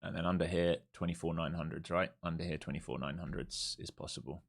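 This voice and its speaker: Deep-voiced man calling trades live. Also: fairly even intonation, fast, creaky, slightly rough. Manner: casual, blunt, swears freely; thinks aloud, repeats key points. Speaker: live stream day trader. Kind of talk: live market commentary.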